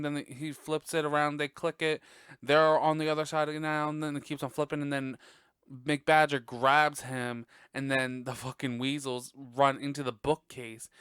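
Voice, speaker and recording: A man hosting a podcast, chatting casually and profanely about a classic animated film, laughing often. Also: mid-range voice, clear, resonant tone, dry recording, clean studio sound. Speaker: podcast host. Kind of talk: casual movie review chat.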